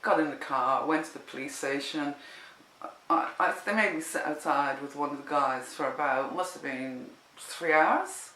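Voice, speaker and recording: Animated woman with a bright, tense voice. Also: deep voice, normal speed. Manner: animated, rambling, with many restarts. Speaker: vlogger telling a personal story. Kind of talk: casual spoken storytelling. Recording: echoey room.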